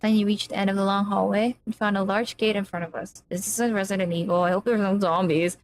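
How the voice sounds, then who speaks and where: A woman's voice: mid-range voice, fairly even intonation, fast. Woman streamer reading a game aloud, jittery. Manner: reads narration aloud, breaks off into jittery chatter to chat; nervous, easily spooked. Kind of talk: reading a visual novel aloud on a livestream.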